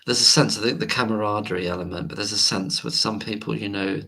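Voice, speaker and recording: Deep gravelly man chatting late. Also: fairly even intonation, fast, bright, forceful tone. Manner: rambling, reads viewer comments aloud. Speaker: livestream host. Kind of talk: late-night casual livestream chat.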